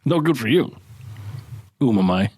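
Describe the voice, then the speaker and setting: A man's voice: medium pitch, expressive, a little slow, a little mellow, breathy edge, no room sound, studio quality. A man co-hosting a podcast in casual chat, with crude, profane, rambling banter. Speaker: podcast co-host. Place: podcast studio.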